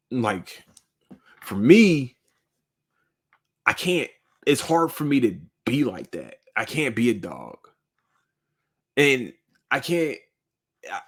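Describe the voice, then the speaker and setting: A man's voice: medium pitch, a bit bright. Profane, rambling man hosting a podcast. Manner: profane, rambling, emotional, talks straight to listeners. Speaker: podcast host. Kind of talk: casual solo monologue. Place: cold room indoors.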